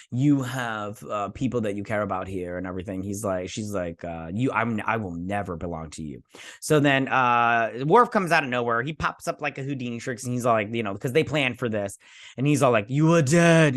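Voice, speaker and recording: A man talks through an episode he just watched, rambling and dipping into quick impressions of the characters. His voice sits at a middling pitch. The sound is dry and close. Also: a bit bright, no room sound. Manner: rambling, acting out quotes in passing. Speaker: show recapper. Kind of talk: casual episode recap.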